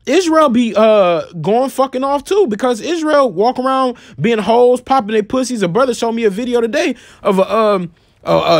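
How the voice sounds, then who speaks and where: A man giving an informal, profane sermon, blunt and scolding, who slows down and turns solemn when he reads scripture. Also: high voice, no room sound, clean studio sound. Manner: blunt and scolding, swears freely. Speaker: preacher.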